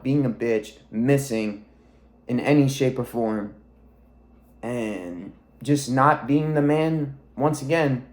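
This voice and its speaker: A man's voice: mid-range voice, darkish tone. A young man in his twenties talking to camera in a rambling, reflective monologue, swearing freely as a weight-loss coach.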